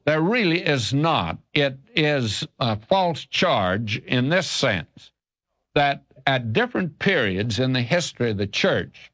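Slow, lively-toned older preacher. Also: male voice, medium pitch, dry recording. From American South. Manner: earnest, emphatic, folksy preacher's cadence. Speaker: radio Bible teacher. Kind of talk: radio question-and-answer teaching.

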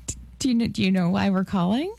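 A woman hosting a morning radio show, calling a listener to tell her she won and gushing over her warmly. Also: medium pitch, lively intonation, fast, creaky, no room sound. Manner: effusive, gushing, calls listener "girl". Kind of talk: call-in prize phone call.

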